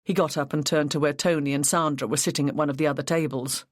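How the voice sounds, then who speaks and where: An audiobook narrator reading a mystery novel in an even, measured way. The voice sits at a middle pitch and the recording is dry and close, with no room around it. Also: dry recording. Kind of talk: scripted narration.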